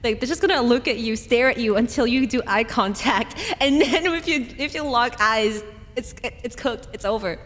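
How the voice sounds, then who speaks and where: Casual-chat streamer, woman: high, giggly, rambling, long hall reverb. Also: moderate pace, fairly bright tone. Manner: giggly, laughs often, rambling. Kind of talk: casual chat reading chat comments.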